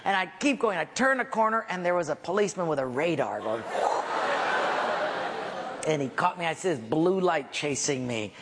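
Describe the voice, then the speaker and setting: A man's voice: on the high side, normal speed, pauses often. A middle-aged man, a pastor, telling a self-mocking story in a sermon and acting out the voices in it. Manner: animated, self-mocking, acts out the voices in his stories. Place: church hall. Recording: reverberant hall with faint background hiss.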